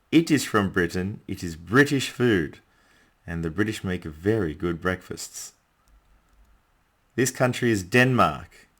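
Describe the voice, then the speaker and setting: A man teaching a beginner English lesson, speaking deliberately and adding small friendly asides. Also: deep voice, a bit bright. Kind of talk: beginner language lesson narration.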